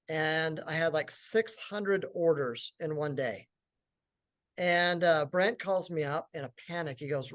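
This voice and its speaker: Man, middle-aged, company founder, forum talk, animated storytelling. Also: on the high side. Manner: animated, acts out quotes of others. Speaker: business founder speaker.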